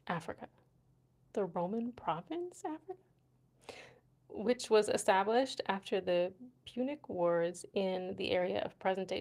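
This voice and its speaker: A woman's voice: mid-range voice, a little mellow. Chatty young woman hosting a livestream. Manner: chatty, laughs often, many fillers like "right?" and "you know". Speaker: livestream host. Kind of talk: casual livestream chat reading comments. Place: Morocco.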